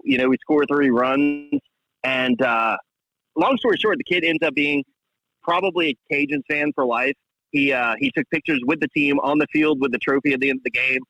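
A man's voice: mid-range voice, a bit bright, dry recording. A tipsy man telling a laid-back story on a casual sports talk show. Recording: dull dry radio sound.

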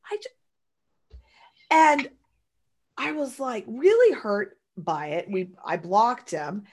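A woman chatting casually and telling stories in an animated way, often acting out what others said. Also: mid-range voice, slow pace, pauses often, breathy edge. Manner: animated storyteller, acts out quotes loudly. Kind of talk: casual chat.

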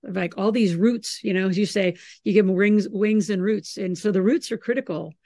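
A middle-aged woman hosting a podcast, chatting casually and telling lively stories about her children. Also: mid-range voice, normal speed, no room sound. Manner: animated storyteller, acts out her kids' lines. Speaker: podcast host. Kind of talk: casual chat.

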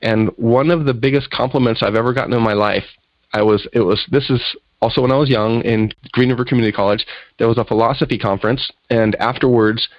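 A man's voice: mid-range voice, quick pace, no room sound, dull audio. A man, a guest in an interview, telling a personal story in conversation and acting out the voices of people in it. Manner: animated storyteller acting out quotes.

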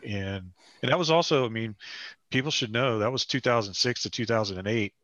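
A man's voice: mid-range voice, fairly quick, fairly bright tone, dry recording, dull audio. A middle-aged man as a guest in a casual conversation, rambling and wry, restarting his sentences often.

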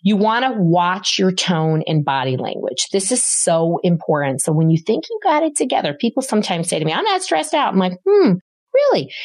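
Animated woman giving parenting advice. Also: fairly low pitch, dry recording. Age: middle-aged. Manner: animated storyteller, acts out quoted voices. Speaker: podcast host, parenting expert. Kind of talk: conversational advice talk.

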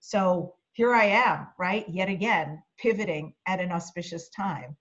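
A woman's voice: lowish voice, measured pace, a bit bright, slightly rough, lo-fi sound. A woman being interviewed as a guest, chatty and reflective as she talks about her career. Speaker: interview guest, media coach. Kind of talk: casual interview chat.

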